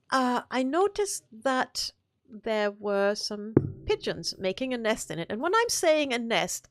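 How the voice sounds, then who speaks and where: A woman's voice: a little high, no echo, clean studio sound. A woman co-hosting a gaming live stream, chatting casually and telling rambling, playful stories.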